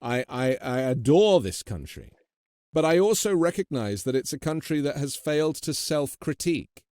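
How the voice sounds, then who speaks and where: A man's voice: a little high, sing-song, normal speed, darkish tone, no room sound. An English man with an English accent, a podcast host talking in an earnest, chatty way who repeats words as he starts a thought. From England. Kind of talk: casual interview talk.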